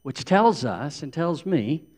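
A man with a notably high voice delivers a sermon, earnest and building in intensity as he voices pleading prayers. His words carry a long reverb, as if spoken in a large hall. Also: big pitch swings, takes it slowly, darkish tone. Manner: earnest preaching, voicing prayers with rising intensity. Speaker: pastor.

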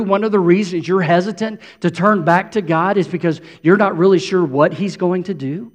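A man's voice: mid-range voice, darkish tone. A middle-aged man preaching a sermon, repeating phrases for emphasis as a pastor. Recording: long hall reverb.

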